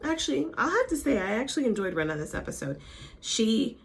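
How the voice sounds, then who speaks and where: A woman's voice: a little high, big pitch swings, fairly quick, creaky. A woman vlogger recapping a reality show in casual, gossipy chat. Her voice swoops up and down with animation. She reacts freely as she goes. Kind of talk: casual chatty recap with impressions.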